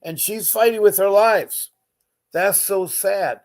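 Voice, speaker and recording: A man's voice: high-pitched, slow, gravelly, a little mellow. A man hosting a live podcast, talking earnestly and emotionally, often repeating himself and greeting viewers. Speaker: podcast host.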